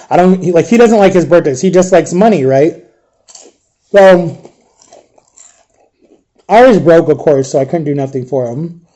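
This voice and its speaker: A man's voice: on the high side, dark tone. A man vlogger telling an emotional storytime monologue to his viewers, tearful, raw and confiding. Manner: addresses viewers directly.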